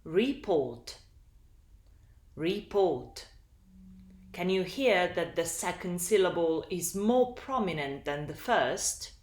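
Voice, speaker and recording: Woman, English teacher, slow deliberate delivery, low voice, echoey room. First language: Italian. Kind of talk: recorded lesson narration.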